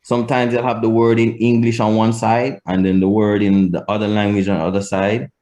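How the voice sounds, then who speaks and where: A man's voice: fairly low pitch, little pitch movement, brisk, dark tone. A Jamaican man teaching a live class, patient and repeating key points for emphasis. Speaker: language teacher.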